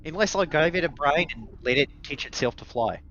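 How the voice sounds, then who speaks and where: A man's voice: a little high, animated, fairly quick, fairly bright tone, lo-fi sound, a little hiss or hum. A man doing a prickly, indignant tech nerd. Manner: defensive, ranting.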